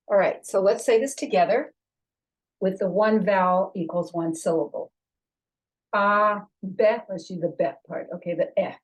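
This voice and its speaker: A woman's voice: mid-range voice, normal speed, low-quality recording. A woman teaching a language lesson, patiently sounding out syllables one at a time and repeating drills.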